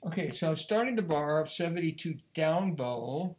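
This violin teacher's voice is a little high and a little mellow, animated and moderately paced. During a music lesson he talks casually, musing aloud between passages as he plays, with faint violin in the background.

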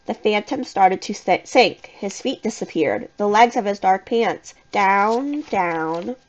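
A woman narrating a children's scary story in the first person, with an expressive, suspenseful reading. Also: medium pitch, takes it slowly, muffled recording. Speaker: audiobook reader.

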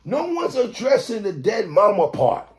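A man hosting a podcast, ranting in animated commentary, stammering, repeating himself and shouting for emphasis. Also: sits high, moderate pace. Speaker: podcast host.

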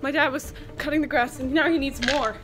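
A woman's voice: sits high, steady tone, fairly quick, music in the background. Young woman cooing at her cat. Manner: playful, cooing baby talk to her cat. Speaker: vlogger. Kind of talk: casual home vlog.

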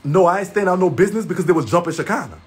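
A man's voice: high-pitched, lively intonation, racing, breathy edge. A man ranting angrily to his viewers, heated, repetitive and confrontational. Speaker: livestreamer. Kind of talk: angry profane rant to viewers.

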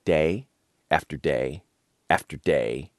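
A man, a pastor and author, talking through a Bible story in a relaxed conversational way and steering the discussion. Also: very deep voice, slow, no echo, clean studio sound. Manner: storytelling, directs others playfully.

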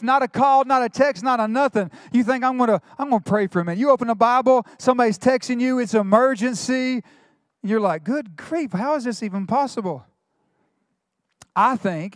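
A middle-aged male pastor, preaching a sermon with quick asides and retold dialogue. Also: sits high, no echo, studio quality.

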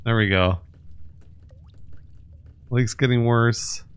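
A man's voice: medium pitch, steady tone, takes it slowly, clear, resonant tone. A man streaming a video game, chatting casually and laughing as he plays. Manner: amused, chatty, laughing a lot. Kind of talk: casual gameplay commentary.

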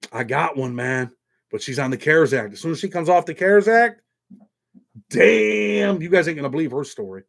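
Male stream host, talks loose and salty off the cuff, voice on the higher side. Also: creaky. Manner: rambling, profane, quick asides, reads donations aloud. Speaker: livestream host telling prison stories. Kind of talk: casual live chat with viewers.

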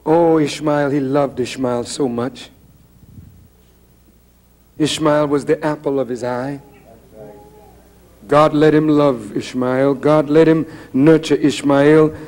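A man's voice: on the high side, steady tone, takes it slowly, pauses often, a little mellow. A middle-aged man who is a minister preaches a sermon in a conversational, dramatic and emphatic way. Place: lecture hall.

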